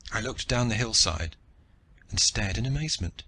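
A man narrating an audiobook in the first person, with a steady, dramatic read. His voice is low, husky and forceful, carrying a hard, pressing edge through each sentence. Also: moderate pace.

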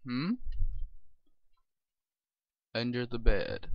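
A man's voice: mid-range voice, moderate pace, no room sound, dull audio. A young man commenting casually as he plays a horror game, rambling with lots of fillers and false starts. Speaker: gamer. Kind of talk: let's play commentary.

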